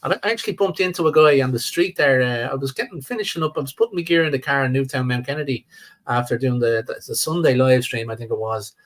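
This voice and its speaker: A man's voice: medium pitch, fast talker, a bit bright. An older Irish man talking in a rambling, repetitive way as a guest on a live-stream chat. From Ireland. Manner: rambling, repeats words, trails off.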